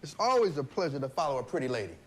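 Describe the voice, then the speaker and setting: Middle-aged American dad, smug and flirty, high lively voice over soft music. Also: male voice, racing, over a noisy crowd. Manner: flirty, showy, self-satisfied. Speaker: father on a family-swap documentary. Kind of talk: playful chat on camera.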